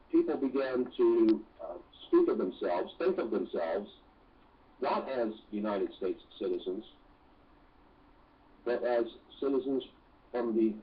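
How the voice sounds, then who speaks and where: A man who is a guest on a talk radio show, explaining slowly and deliberately with pauses. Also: lowish voice. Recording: distant, dull phone-in sound.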